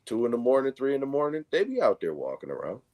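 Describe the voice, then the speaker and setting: A middle-aged man with a New York accent, co-hosting a casual chat and telling animated stories full of swearing, acting out what people said. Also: medium pitch, fast talker, highs cut off. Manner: animated storyteller, acts out quotes, heavy swearing. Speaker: co-host.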